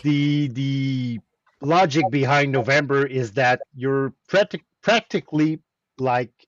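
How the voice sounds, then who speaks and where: A man's voice: medium pitch, slow pace, no room sound, highs cut off. A man with a French Canadian accent, telling a story in a casual chat with many restarts. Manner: animated storytelling with repeated restarts. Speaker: host of a weekly chat stream.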